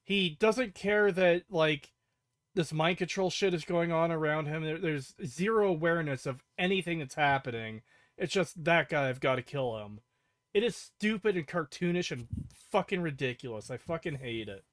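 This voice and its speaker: Blunt ranting man, slightly higher voice. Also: moderate pace, no echo, clean studio sound. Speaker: podcast host. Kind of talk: casual chat.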